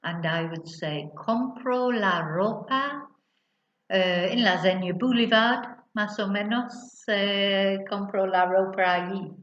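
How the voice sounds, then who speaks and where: Slow-speaking woman teaching Spanish. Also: mid-range voice, fairly bright tone. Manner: slow, careful, drawn-out Spanish for learners. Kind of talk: language lesson, reading questions and answers. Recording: echoey room, dull lo-fi sound.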